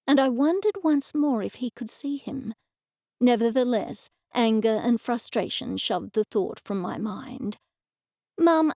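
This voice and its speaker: A woman narrating an audiobook in the first person with clear, even storytelling, on a close studio mic. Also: a little high, no room sound.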